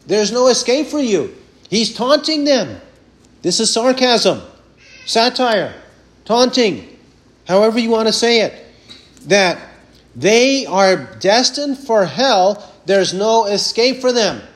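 A man preaching an expository sermon, emphatic and deliberate, firing rhetorical questions at his listeners. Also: sits high, lively intonation.

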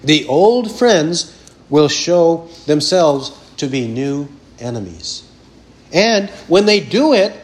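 A man preaching an expository sermon, emphatic and deliberate, firing rhetorical questions at his listeners. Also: a little high.

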